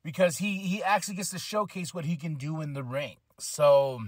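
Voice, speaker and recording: A man hosting a casual wrestling podcast, telling animated stories with laughs and acted-out quotes. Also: fairly high pitch, moderate pace, no echo, clean studio sound. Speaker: podcast host. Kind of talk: casual wrestling recap chat.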